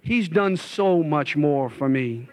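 A man's voice: a little high, animated, slow. A middle-aged man, a former addict, telling his life story as a passionate testimony sermon. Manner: impassioned storytelling, rising loud when reliving scenes.

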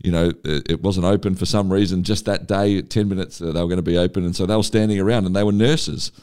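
Deep-voiced male interviewer. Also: steady tone, fast, a little mellow, clean tone. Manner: stammering restarts, reflective, probing. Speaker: interviewer host. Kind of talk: interview questions.

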